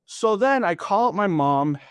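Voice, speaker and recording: A man's voice: high voice, unhurried, clear, resonant tone, no echo, studio quality. A man in his thirties, a podcast interview guest, tells his story casually, laughing often and acting out conversations. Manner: animated, laughs often, acts out dialogue.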